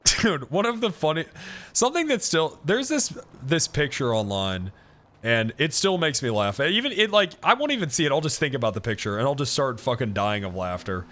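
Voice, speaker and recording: Lively laughing male streamer. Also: medium pitch. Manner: profane, laughing often, quick to mock outrage. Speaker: livestreamer. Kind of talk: casual livestream chat with viewers.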